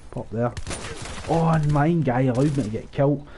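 A man giving live, profane, rambling commentary over his own gameplay, breaking into excited outbursts. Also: mid-range voice, moderate pace, a little hiss or hum. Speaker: gaming channel host.

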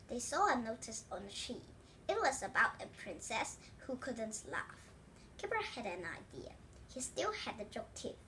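Brief: woman reading a children's book aloud, slow and careful, lively pitch. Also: slight background noise. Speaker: storybook reader.

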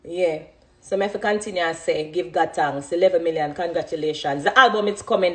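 A woman's voice: lowish voice, brisk. A woman in her thirties with a Jamaican accent, a dancehall artist giving an impassioned, emphatic monologue and repeating phrases for emphasis.

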